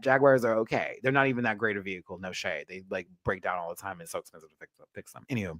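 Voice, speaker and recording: A man's voice: on the low side, steady tone, rapid-fire, few pauses, a bit bright, no room sound. A man hosting a casual pop culture rant show, chatty, sassy and profane, full of asides.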